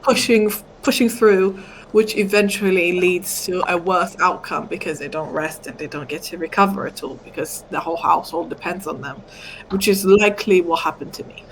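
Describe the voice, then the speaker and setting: A woman's voice: on the low side, moderate pace, slight background noise, low-quality recording. A woman in her thirties, a tired mother, chatting casually and short of breath. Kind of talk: casual chat.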